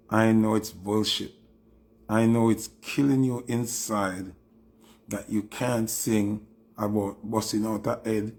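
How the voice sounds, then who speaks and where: Gravelly, taunting Jamaican man. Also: fairly low pitch. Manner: taunting and provocative, mixing patois with English. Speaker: dancehall commentator. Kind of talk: heated commentary monologue.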